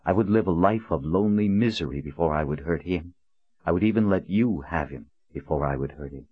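A man reading a stern, calm woman leader. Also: low voice, a little fast, slightly rough, no room sound. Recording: dull lo-fi recording.

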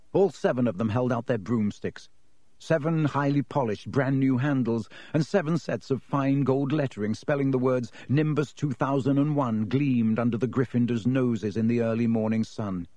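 A man's voice: mid-range voice, moderate pace, mellow, no echo. A man reading an audiobook expressively, giving each character a voice. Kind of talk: audiobook narration.

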